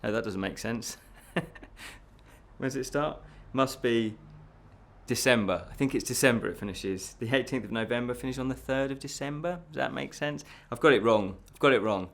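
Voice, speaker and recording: A man's voice: medium pitch, normal speed, vocal fry, a bit bright. A man hosts a casual fantasy news show, chatty and laughing at his own slips.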